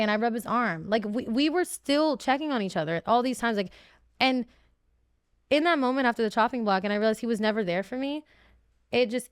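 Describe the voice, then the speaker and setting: A woman's voice: a little high, smooth, dry recording, clean studio sound. A woman in her twenties, a guest telling her story in casual chat, emotional and full of fillers.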